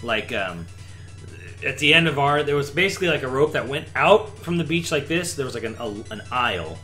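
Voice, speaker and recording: A man's voice: mid-range voice, lively intonation, fairly quick, pushed and bright, faint music behind. Laid-back, rambling young man. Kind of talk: casual chat.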